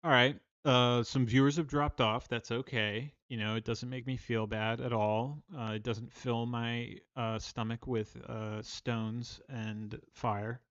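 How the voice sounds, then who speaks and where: A man's voice: medium pitch, flat delivery, measured pace, few pauses, a bit bright, no echo, lo-fi sound. A man from Maryland hosting a casual livestream, rambling, self-deprecating and restarting his sentences. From Maryland, USA. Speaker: livestream host and songwriter.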